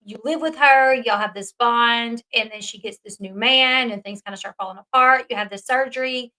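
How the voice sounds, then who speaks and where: Woman commentary host, bright, emphatic, casual swearing. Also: on the high side, normal speed, rough recording. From American South.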